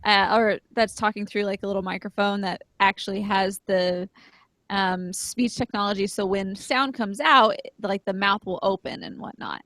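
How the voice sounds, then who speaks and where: A woman co-hosting a casual podcast chat, friendly and quick to laugh, talking in loose run-on sentences. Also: mid-range voice, steady tone, fairly bright tone, no room sound. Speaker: podcast co-host.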